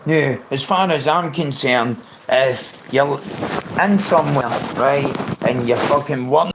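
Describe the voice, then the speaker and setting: A man's voice: mid-range voice, gravelly, fairly bright tone, a little hiss or hum. A man talking casually on a live stream, rambling, swearing often and greeting viewers by name. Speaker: livestreamer. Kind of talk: casual unscripted live chat.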